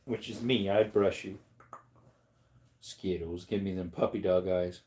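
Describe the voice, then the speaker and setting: A man chatting casually on a livestream, rambling to his viewers and breaking into high baby talk with his dog. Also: steady tone, a little slow, long pauses, warm tone.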